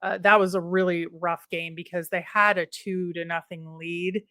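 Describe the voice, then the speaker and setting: A woman co-hosting a podcast in casual sports chat, chatty and analytical and quick to laugh. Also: fairly low pitch, flat delivery, pushed and bright, no echo, clean studio sound. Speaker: podcast co-host.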